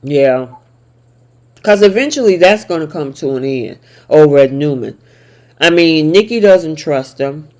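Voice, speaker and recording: A woman's voice: deep voice, lively intonation, a little slow, a little mellow. A woman hosting a casual soap opera recap chat, talking playfully and laughing often. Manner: chatty and laughing, with playful asides.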